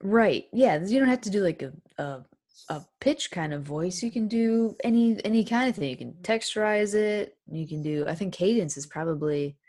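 A woman's voice: mid-range voice, expressive, moderate pace, a little mellow. A woman talking as a guest in a casual chat about role-playing, speaking in a thoughtful, friendly way and laughing easily.

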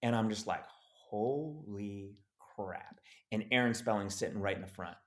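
A man telling a story in a casual interview, animated and acting out the voices of the people in it. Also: on the low side, fast. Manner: animated, acts out quoted voices. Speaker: actor guest.

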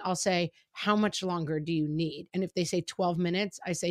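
Chatty low-voiced mother, dry sound. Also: fairly even intonation, no echo. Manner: chatty, frank, quotes her kids in quick asides. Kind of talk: casual chat about parenting.

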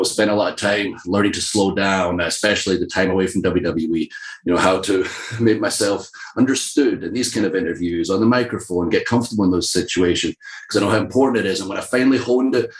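A man with a Scottish accent, a wrestler telling stories in an interview, animated and laughing often. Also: on the low side, quick pace. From Scotland. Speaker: guest, professional wrestler. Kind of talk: casual interview talk. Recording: roomy echo.

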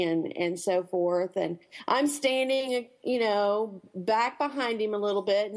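A woman with a Southern American accent, a radio guest telling her story in an unhurried, rambling way. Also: mid-range voice, darkish tone. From Kentucky, USA. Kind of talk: casual radio interview.

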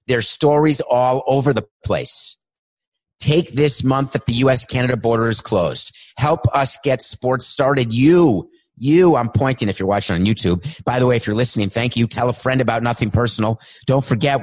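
A man hosting his own podcast, talking solo in a worked-up, emphatic way and stretching words for emphasis. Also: medium pitch. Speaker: podcast host. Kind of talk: energetic solo podcast monologue.

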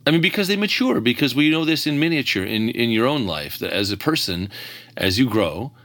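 A man's voice: mid-range voice, animated, brisk, fairly bright tone, dry recording. A man co-hosting a podcast, talking reflectively and lightly acting out the voices he quotes while he tells a story. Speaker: podcast co-host. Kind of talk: casual conversation, telling a joke as a story.

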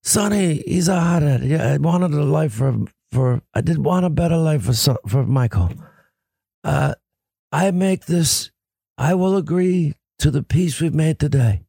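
A man's voice: on the high side, lively intonation, unhurried, gravelly, warm tone, husky, dry recording, full character voice. A man doing a mumbling old mob boss. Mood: brooding. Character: aging mafia boss man, hoarse and soft-spoken.

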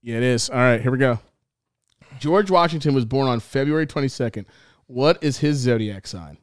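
A man's voice: mid-range voice, animated, moderate pace, clear, resonant tone, no room sound, studio quality. A male podcast host in casual chat who laughs often and swears freely.

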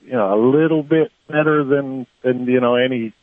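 A man's voice: medium pitch, moderate pace, dry recording. A male caller on a radio show, earnestly describing his dog's behavior with many hesitations. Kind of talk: phone-in radio call. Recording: tinny phone line.

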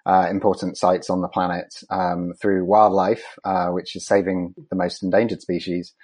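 Deep-voiced man with halting, filler-heavy delivery. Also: little pitch movement, a little mellow, husky. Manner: measured, many fillers and restarts. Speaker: conservation scientist guest. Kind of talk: interview answers.

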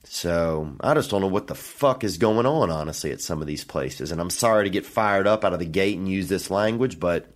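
A man hosting a solo podcast from a hotel room, rambling and meandering through his thoughts with frequent fillers and casual profanity. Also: on the low side. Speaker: podcast host.

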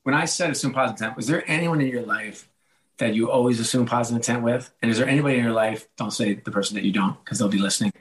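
A man's voice: medium pitch, rapid-fire, a bit bright, rough recording. Middle-aged guy on a podcast, chatty, pokes fun at himself, does little voices for quotes. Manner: chatty and self-deprecating, acts out quotes. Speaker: author and guest. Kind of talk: casual podcast conversation.

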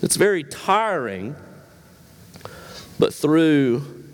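A male pastor delivers an unhurried sermon in a fairly high voice. He presses his listeners with rhetorical questions, rising to emphatic peaks and dropping low and quiet. The sound carries a long church-hall reverb. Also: big pitch swings.

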